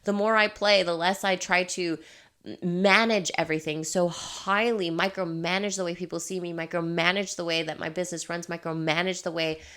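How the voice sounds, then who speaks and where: A woman with a notably low voice speaks as a life coach in a candid motivational monologue. She is emphatic and laughs often. She swears without a second thought. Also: steady tone, normal speed, fairly bright tone, clean tone.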